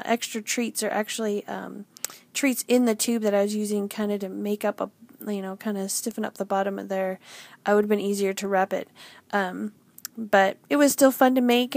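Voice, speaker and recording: A woman's voice: mid-range voice, fairly even intonation, normal speed, darkish tone, dry recording. A woman in her forties hosting a stamping craft tutorial, chatty and self-deprecating with many ums. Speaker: stamping demonstrator and channel host. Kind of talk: casual craft tutorial narration.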